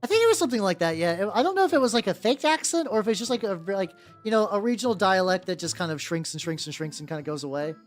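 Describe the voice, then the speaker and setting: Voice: medium pitch, animated, fast, few pauses. A streamer chatting casually while painting miniatures, rambling with lots of fillers and casual swearing, with no notable accent. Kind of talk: casual live-stream chat. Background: faint background music.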